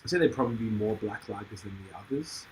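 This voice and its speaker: Male podcast host, lowish voice, easygoing rambler, faint background hiss. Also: lively intonation, fast, low-quality recording. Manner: rambling and enthusiastic, thinks aloud. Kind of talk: casual podcast chat.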